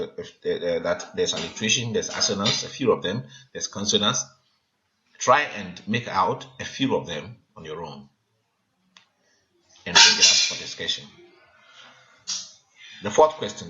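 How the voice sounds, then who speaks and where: A low-voiced man teaches a poetry lesson, hesitating often and counting syllables aloud. His tone is sharp and forceful. The recording is muffled, with a faint hiss underneath. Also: animated, moderate pace. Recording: dull lo-fi sound with faint noise.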